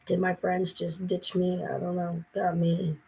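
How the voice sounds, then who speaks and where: A woman's voice: fairly low pitch, monotone, a little slow, dark tone, slightly rough, poor audio. An exhausted woman talking casually to her viewers, weary and frustrated, venting with mocking asides. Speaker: vlogger. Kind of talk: casual talk to camera.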